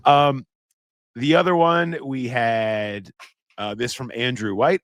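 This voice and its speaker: A man with a Midwestern American accent co-hosting a casual sports podcast, animated and joking as he shouts out listeners. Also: mid-range voice, slow pace, no room sound, clean studio sound. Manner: animated, joking, reads listener submissions aloud. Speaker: podcast co-host.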